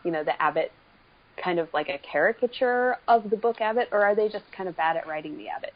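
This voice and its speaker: A woman co-hosting a casual podcast chat, measured and wry. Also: mid-range voice, dull audio. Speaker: podcast co-host.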